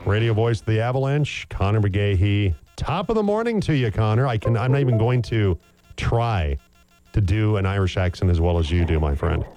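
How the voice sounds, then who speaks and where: A man's voice: on the low side, lively intonation, moderate pace, dark tone, faint music behind. A man hosting a sports radio show, chatting casually, repeating himself and laughing easily.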